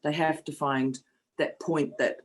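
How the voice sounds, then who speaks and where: A woman's voice: low voice, fairly even intonation, unhurried, rough recording. Brief: fifties woman, interview guest, candid and confessional, emotional edge. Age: 50s. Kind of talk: personal storytelling in an interview.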